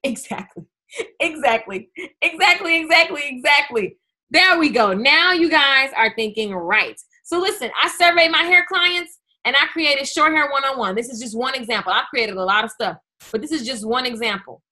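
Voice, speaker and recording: A woman hosting a business webinar, speaking in an energetic, chatty way straight to her viewers. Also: high voice, moderate pace. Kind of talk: live webinar talk.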